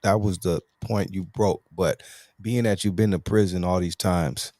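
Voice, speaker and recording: A man's voice: low voice, fairly even intonation, unhurried, a little mellow, no echo, studio quality. A man hosting an interview show, asking questions in a laid-back, slangy way and rephrasing as he goes. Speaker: host. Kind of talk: casual interview.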